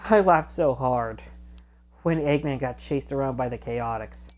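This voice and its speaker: A low-pitched woman chatting through a let's play, recapping scenes in a loose, rambling way. She corrects herself often and slips into voices for the characters she quotes. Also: measured pace, darkish tone. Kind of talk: rambling game recap chat.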